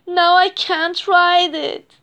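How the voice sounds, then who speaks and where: A woman voicing a sad but kind young bunny in a storybook, talking softly. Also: sits high, lively intonation, slow pace, voice pushed up, exaggerated voice. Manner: soft, sniffly.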